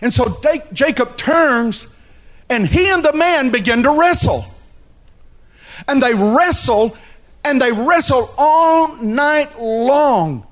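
A man's voice: extremely high pitch, animated, slow pace. A male pastor preaching a sermon, telling a story dramatically and addressing the congregation directly.

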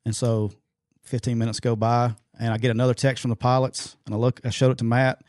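A man's voice: medium pitch, little pitch movement, fairly quick, a little mellow, dry recording, clean studio sound. A middle-aged man co-hosting a sports podcast, telling stories in a loose, rambling way full of fillers and restarts. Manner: rambling anecdotal storyteller, many fillers and restarts. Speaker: podcast co-host. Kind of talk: casual sports podcast storytelling.

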